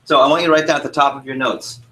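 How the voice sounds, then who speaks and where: A man's voice: mid-range voice, fairly even intonation, racing, bright, forceful tone, poor audio. A young man, a sales trainer, teaching a workshop room and telling a story, asking the audience questions as he goes.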